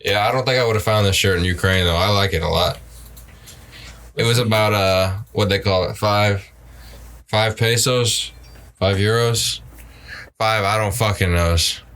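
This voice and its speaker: A young man co-hosting a podcast in casual chat, blunt and profane with deadpan humor. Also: fairly low pitch, unhurried, pauses often. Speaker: podcast co-host.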